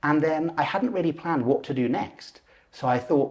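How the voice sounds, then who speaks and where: A man in his forties, a lucid dreaming teacher and podcast guest, telling a personal story in an animated way. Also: on the high side, moderate pace. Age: 40s. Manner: animated, acts out voices and gestures while telling.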